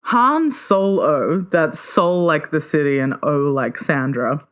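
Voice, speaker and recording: A woman hosting her own podcast, talking solo in a playful, enthusiastic way and often jumping up in pitch with excitement. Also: slow. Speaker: podcast host.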